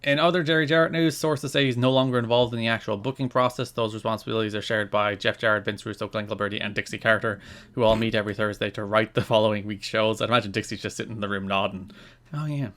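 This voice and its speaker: A man's voice: fairly low pitch, flat delivery, quick pace, a bit bright. An Irish man co-hosting a podcast in casual chat, reading out news notes and adding dry asides. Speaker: podcast co-host.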